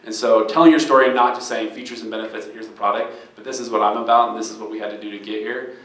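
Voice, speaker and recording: A man's voice: fairly low pitch, fairly even intonation, very fast, a bit bright. A man who founded a startup speaks earnestly to a live event audience. He tells a story with many restarts. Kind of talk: live fireside chat. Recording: echoey room.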